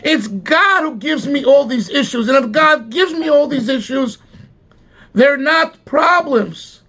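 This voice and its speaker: A man preaching a sermon with rising passion and emphatic cries, phrasing his words slowly and deliberately. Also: very high-pitched, expressive, sharp tone. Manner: impassioned, swelling to emphatic cries. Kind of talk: sermon with sung melody.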